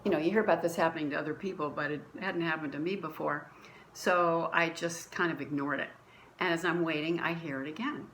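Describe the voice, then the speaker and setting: A woman's voice: sits low, steady tone, fairly quick, fairly bright tone, slight background noise, rough recording. A woman from a church sharing a personal faith story at home, earnest and conversational, often restarting her sentences. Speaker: church member sharing a testimony. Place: at home, dining room.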